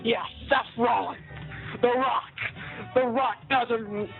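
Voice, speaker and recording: A man's voice: very high-pitched, fairly even intonation, slow, creaky, soft background music, exaggerated voice. A man doing a brash wrestler impression. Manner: trash-talking, boastful. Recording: tinny phone line.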